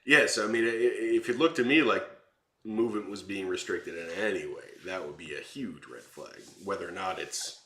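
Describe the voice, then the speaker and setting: A man co-hosting a casual stream with blunt, joking remarks and quick comebacks. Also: sits low, bright, forceful tone. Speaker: co-host. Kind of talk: casual livestream banter.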